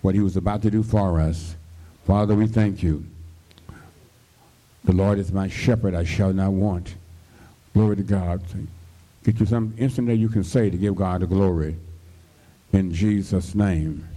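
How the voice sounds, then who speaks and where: Deep, dark-voiced preacher exhorting. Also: male voice, normal speed, long pauses. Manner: exhorting, call-and-response, frequent hallelujahs. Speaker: pastor. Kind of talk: radio sermon.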